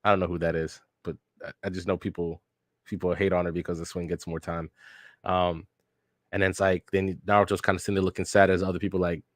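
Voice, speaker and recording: Deep-voiced man, casual rambling commentary. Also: steady tone, brisk, no echo, studio quality. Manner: rambling and casual, with fillers and swearing. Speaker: reaction video host. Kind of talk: casual reaction commentary, reading a manga aloud.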